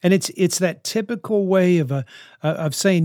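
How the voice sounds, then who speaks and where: A man's voice: high voice, moderate pace, darkish tone, no echo, clean studio sound. A man answering parenting questions in an earnest, coaching way, often restarting his sentences. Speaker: parenting advice speaker.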